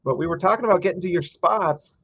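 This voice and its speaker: A man hosts a casual live stream while watching a game. He chats over it, reads viewer comments aloud and breaks into frustrated little rants. His voice sits a bit high with a husky edge, caught on dull, dry, lo-fi home audio. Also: fast talker, a bit bright, dry recording. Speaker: livestream host.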